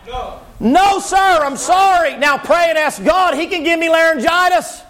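A man's voice: extremely high pitch, normal speed, fairly bright tone. A man, preaching a fervent, folksy revival sermon and hollering his points.

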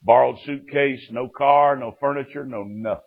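A man preaching a testimony sermon, telling his story in a folksy way with sudden jumps in loudness. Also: mid-range voice, moderate pace, gravelly. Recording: dull lo-fi recording.

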